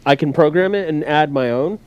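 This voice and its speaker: A middle-aged man co-hosting a casual chat, trading quick, upbeat banter. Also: fairly high pitch, lo-fi sound. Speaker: podcast co-host.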